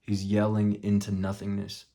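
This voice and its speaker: A young man vlogging, telling a story bluntly with plenty of swearing and dropping to a hush for his own thoughts. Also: fairly low pitch, completely flat delivery, moderate pace. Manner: profane, blunt, drops to a muttered hush for quoted thoughts. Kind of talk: casual storytelling vlog.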